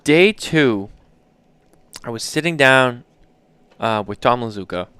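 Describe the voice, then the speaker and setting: Man, 30s, podcast co-host, casual rambling chat, smooth resonant tone. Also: mid-range voice, lively intonation, slow pace, fairly bright tone, no room sound. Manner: rambling storyteller, many fillers.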